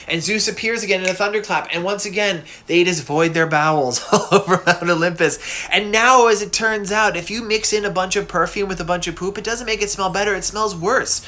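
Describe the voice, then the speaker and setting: Fairly quick and barely pausing, a middle-aged man with a high, sharp voice retells a myth. He's a cartoonist who hosts a myth show, and his casual storytelling is goofy and chatty, loaded with fillers.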